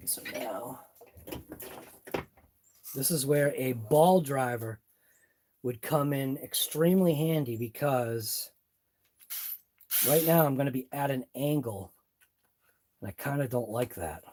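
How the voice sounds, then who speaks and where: Casual guy in his garage wrenching on an rc car, muttering thoughts out loud, warm low-key voice, faint noise behind. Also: slow pace, long pauses. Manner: muttering thoughts aloud as he works. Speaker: RC hobby channel host. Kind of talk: live workshop chat while wrenching. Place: home garage workshop.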